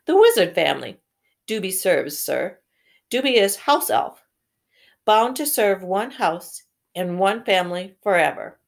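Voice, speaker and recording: A woman reading aloud slowly, voicing a timid, anxious male house elf who keeps calling the listener sir. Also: mid-range voice, very animated, creaky. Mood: pleading. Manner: earnest, pleading, keeps saying sir.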